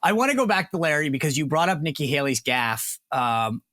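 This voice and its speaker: A man hosting a political talk show, speaking in an animated, digressive way, often restarting his phrasing and acting out imagined comebacks. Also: a little high, fairly quick, dry recording, studio quality. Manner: animated, acts out imagined retorts. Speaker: show host.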